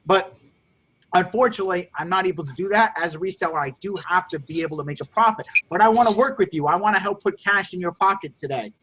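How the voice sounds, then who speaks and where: A man coaching course members on a call, energetic and repetitive, often calling his listeners "guys". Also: sits high, fast talker, noisy background. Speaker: sales coach. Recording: dull lo-fi recording.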